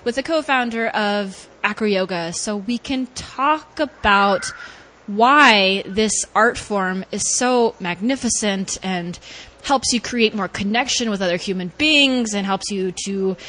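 A young woman hosting a podcast in a casual, bubbly chat, laughing often and swinging her pitch widely. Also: measured pace, a bit bright, a little hiss or hum. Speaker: podcast host and life coach.

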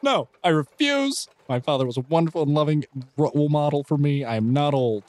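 A man's voice: a little high, expressive, fairly quick, darkish tone, dry recording, lightly acted. A man voicing an earnest adventurer who rises at dawn and insists he is not old, giving reassuring speeches. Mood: defensive. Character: earnest male adventurer, prim early riser, denies being old.

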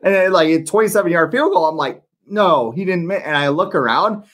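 Male podcast co-host, slightly higher pitch, rambling casual storyteller. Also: animated, fairly quick, a bit bright. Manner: rambling, lots of "like" and restarts.

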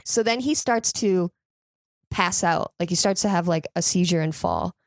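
Young woman guest, low-ish voice, rambling comic storyteller, dry close sound. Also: normal speed, dry recording. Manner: lively, chatty, swears freely, heavy use of "like". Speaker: podcast guest. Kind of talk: casual comedic storytelling.

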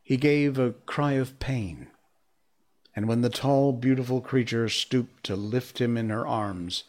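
A man reading a storybook aloud as narrator, measured and expressive. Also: mid-range voice.

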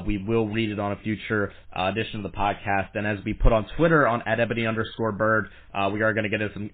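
A man hosting a sports podcast, chatting casually with fillers and plugging the show. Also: fairly low pitch. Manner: chatty, promotional, with frequent fillers. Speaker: podcast host. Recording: tinny phone-line sound.

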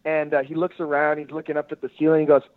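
A guest phones in to tell a story, and his voice comes through the thin, tinny sound of a phone line. His voice sits a little higher than most men's. He tells it loosely, laughing and swearing as he goes. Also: quick pace, no echo. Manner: laughing, profane, animated retelling. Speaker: guest, jiu-jitsu gym owner. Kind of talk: casual storytelling over the phone. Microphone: phone call.

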